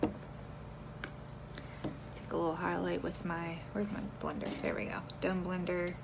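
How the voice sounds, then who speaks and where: A woman's voice: fairly low pitch, little pitch movement, unhurried, creaky, noisy background. A young woman chatting playfully with viewers on a phone livestream while doing her makeup. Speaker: beauty vlogger. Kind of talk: casual livestream makeup chat.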